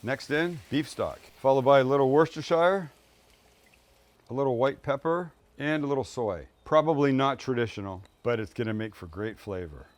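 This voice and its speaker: Chatty middle-aged cooking show host. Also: male voice, medium pitch, moderate pace, no echo. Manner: chatty, upbeat, jokey. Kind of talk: casual cooking demonstration.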